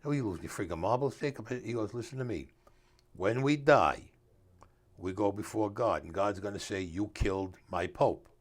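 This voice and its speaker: The speaker is an older man, an author there as a guest, trading stories in a loose interview. Streetwise in manner, he acts out what people said and drops grammar, his fairly low voice moving at a moderate pace.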